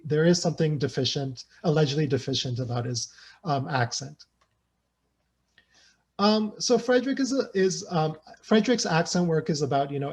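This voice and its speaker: A man's voice: fairly high pitch, a little mellow. Man lecturing with many "right?" tags. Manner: frequent "right?" and "you know" fillers, thinking aloud. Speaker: sociolinguistics researcher presenting a talk. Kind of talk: academic lecture.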